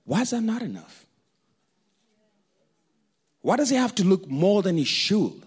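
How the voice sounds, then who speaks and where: Man, preacher, high voice, very lively pitch, comic storytelling sermon. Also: unhurried, slightly rough. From Kenya. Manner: animated, jokey storytelling, laughs often. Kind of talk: sermon with comic personal stories.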